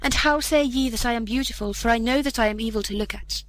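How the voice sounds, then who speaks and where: A woman's voice: a little high, fast, lightly acted, low-quality recording. A woman voicing an earnest, humbled young prince in a fairy tale, speaking in old-fashioned, sorrowful words. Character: humbled young prince, once proud boy.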